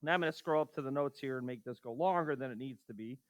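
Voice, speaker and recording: A man's voice: medium pitch, quick pace, no room sound. A man teaching a recorded math lesson, firing rhetorical questions at students and making exasperated asides. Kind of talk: recorded classroom lecture.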